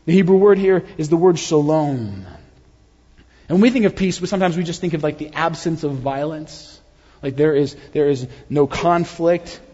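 Male pastor, high and husky, dramatic sermon delivery, dull recording in a reverberant church. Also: moderate pace. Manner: animated, dramatic storytelling with sudden quiet drops. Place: church sanctuary. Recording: dull sound with long reverb of a large hall.

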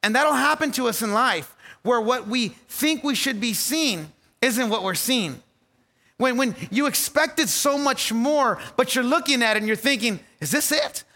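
A man preaching a sermon as pastor, animated, repeating key lines for stress and laughing at his own jokes. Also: extremely high pitch, unhurried, long reverb tail.

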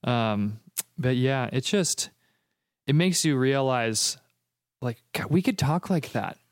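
A man's voice: medium pitch, expressive, slow pace, no echo, clean studio sound. Playful, reflective man co-hosting a podcast. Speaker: podcast co-host. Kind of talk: casual conversational podcast.

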